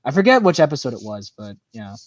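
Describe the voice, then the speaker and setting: A man hosting a livestream in a casual, rambling chat, filling his talk with "like" and "you know" as his voice tires and goes hoarse. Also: medium pitch, sing-song, no room sound. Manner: rambling, full of "like" and "you know", quick laughs. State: voice tiring and hoarse. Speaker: livestream host. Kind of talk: casual chat reacting to viewer comments.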